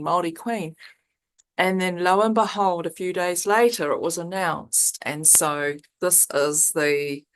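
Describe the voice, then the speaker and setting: Slow, low-voiced New woman. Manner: meandering, earnest, many restarts and fillers. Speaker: spiritual circle leader. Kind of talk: spiritual sharing in a circle.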